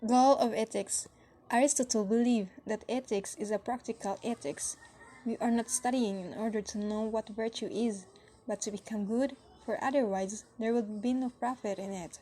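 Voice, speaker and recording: A woman's voice: on the high side, fairly even intonation, moderate pace, dark tone, slight background noise. Woman reading lesson headings aloud. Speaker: student presenter.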